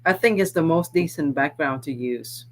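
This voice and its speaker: A woman's voice: sits low, moderate pace, a little hiss or hum. A woman appearing as a guest on a casual livestream, chatting and laughing easily.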